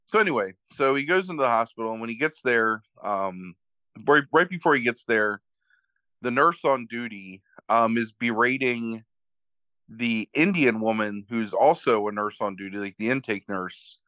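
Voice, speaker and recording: Bright-voiced man recapping in rambling casual chat. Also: mid-range voice, lively intonation, moderate pace, no echo. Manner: rambling, filler-heavy retelling with frequent self-corrections. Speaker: podcast co-host recapping a movie.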